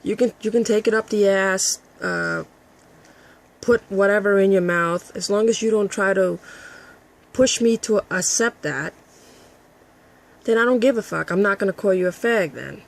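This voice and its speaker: Gravelly-voiced woman ranting heatedly. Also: mid-range voice, moderate pace, long pauses. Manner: heated, blunt, profane. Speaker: channel owner. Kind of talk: ranting video monologue.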